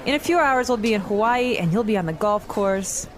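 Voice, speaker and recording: An actress playing a calm wife soothing her husband before a trip. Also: medium pitch, fairly quick, lightly acted.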